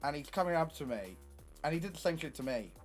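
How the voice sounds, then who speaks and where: A young man streaming, telling stories in casual chat, animated and swearing often. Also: a little high, quick pace, soft background music.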